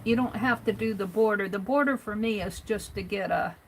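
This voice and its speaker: A woman's voice: medium pitch, brisk, a little hiss or hum, rough recording. A woman hosting a live drawing tutorial, chatting and thinking aloud as she narrates and counts each stroke. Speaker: art stream host.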